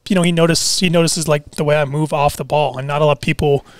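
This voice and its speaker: A man's voice: on the high side, fairly even intonation, fast talker, dry recording. A man in his twenties from Seattle, a basketball player talking as a guest in a casual interview, laid back and full of fillers.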